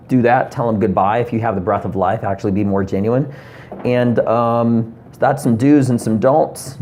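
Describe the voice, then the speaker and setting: Low-voiced guy ranting, swears a lot, ums everywhere, some faint background hiss. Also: darkish tone. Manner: rambling, profane, lots of ums. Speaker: comedian vlogger. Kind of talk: profane comedy rant.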